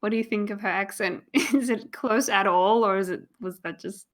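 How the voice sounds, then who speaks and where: A woman's voice: mid-range voice, moderate pace. An Australian woman chatting casually on a live stream, reading out chat messages and laughing often. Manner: chatty, reads chat aloud, giggly. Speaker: streamer co-host.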